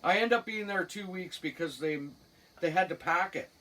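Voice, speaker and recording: A woman's voice: on the low side, normal speed, fairly bright tone, far from the mic. A middle-aged woman with a Cape Breton accent, telling a personal story in a blunt, salty way with chuckles. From Cape Breton, Canada. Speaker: storyteller guest. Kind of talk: casual spoken anecdote.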